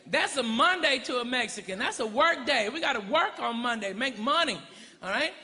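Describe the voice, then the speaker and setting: A brash male stand-up comic with a high, very bright voice, shouting his punchlines. He performs on a club stage, and his voice rings in a reverberant room with the audience murmuring behind him. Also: animated, moderate pace. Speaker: stand-up comedian. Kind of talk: stand-up routine. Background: audience laughter.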